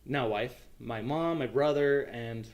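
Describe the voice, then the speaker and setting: Earnest, halting American man. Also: mid-range voice. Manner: halting, many ums, earnest. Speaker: YouTube channel host. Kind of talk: casual livestream chat.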